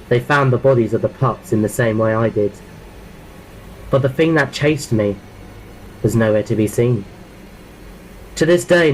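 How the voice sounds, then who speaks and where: In a rough recording with slight background noise, a man of ordinary pitch reads a first-person horror story. His delivery is plain, and he frequently restarts, stumbling over words and repeating phrases.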